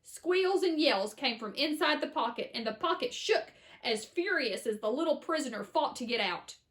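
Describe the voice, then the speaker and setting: A woman narrating a children's storybook aloud in an expressive, animated way. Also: sits high, normal speed.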